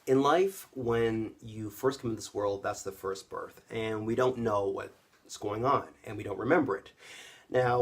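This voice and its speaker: A man's voice: mid-range voice, slightly rough. A man of about fifty from Canada telling a personal story to camera in a conversational way, speaking straight to his viewers. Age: around 50. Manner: conversational, addresses viewers directly. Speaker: vlogger.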